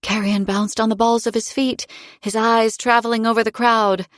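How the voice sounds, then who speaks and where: A woman's voice: fairly high pitch, flat delivery, normal speed, no room sound, clean studio sound. Woman narrating a fantasy audiobook. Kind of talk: first-person audiobook narration.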